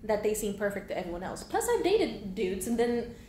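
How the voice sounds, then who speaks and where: Speaking fairly quickly with big swings in pitch, a 22-year-old vlogger rants candidly and profanely. Her medium-pitched voice is mellow, and the room echoes with faint background hum.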